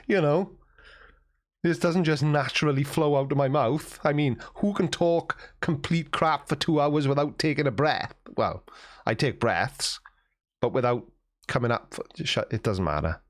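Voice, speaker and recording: A man's voice: fairly high pitch, unhurried. Wry man hosting a live chat. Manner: wry, self-mocking banter. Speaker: livestream host reading chat.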